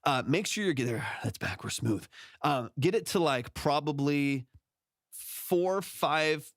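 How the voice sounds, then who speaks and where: A man's voice: fairly high pitch, expressive, takes it slowly, no room sound. A man who produces music, talking loosely through a livestream tutorial into his studio vocal mic, full of fillers and restarts. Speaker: music producer giving mix feedback. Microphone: studio vocal mic through plugins.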